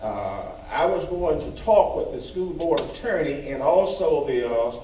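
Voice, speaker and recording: A man with a fairly high voice gives a folksy, emphatic report at a school board meeting, leaning on repeated phrases to make his points. He sits well back from the microphone. The room is echoey, with a faint hum behind him. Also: expressive, unhurried, mellow. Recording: echoey room, far from mic.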